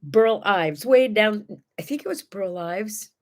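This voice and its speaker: A woman's voice: mid-range voice, expressive, slow. A middle-aged woman hosting a casual morning chat, telling stories and acting out the people she quotes. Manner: chatty storyteller, acts out quotes. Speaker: host.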